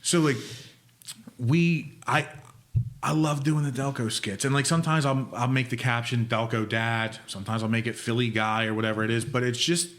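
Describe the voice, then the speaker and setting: A man, chatting as a podcast guest and telling animated stories. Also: medium pitch, normal speed. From Northeast Philadelphia. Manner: animated storyteller who jumps into loud character voices. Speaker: guest, food influencer. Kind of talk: casual podcast chat.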